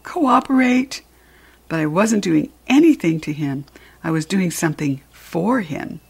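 Expressive female storyteller for a children's book, gravelly husky tone. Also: low-pitched, normal speed. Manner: expressive, playful narration. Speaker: reader. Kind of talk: reading a children's book aloud.

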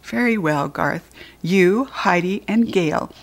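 A stern schoolteacher who snaps her orders in firm, clipped sentences, as a woman reading the story puts her on. The voice sits a little low. It is a storybook voice, not a big character turn. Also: takes it slowly.

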